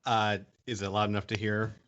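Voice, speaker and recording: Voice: mid-range voice, level tone, fairly quick, fairly bright tone, smooth, dull audio. A player in a tabletop game, laid-back and laughing between lines.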